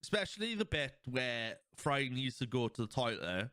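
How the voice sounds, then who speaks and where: A man's voice: mid-range voice, big pitch swings, moderate pace, sharp tone, dry recording. Rambling man hosting a podcast. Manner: rambling, recounts scenes with quoted lines, swears; many fillers and restarts, laughs along. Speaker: podcast host. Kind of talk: casual chat.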